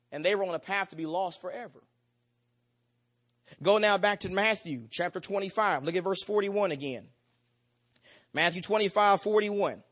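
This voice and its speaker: Emphatic high-voiced male preacher. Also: fairly bright tone, muffled recording. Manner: emphatic, repetitive preaching cadence with rising intensity. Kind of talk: sermon.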